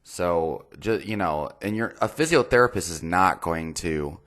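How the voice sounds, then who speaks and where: A man's voice: low-pitched, lively intonation, unhurried, fairly bright tone. A man hosting a fitness channel, blunt and exasperated, swearing freely as he reads and comments on a viewer's message. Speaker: fitness and nutrition channel host.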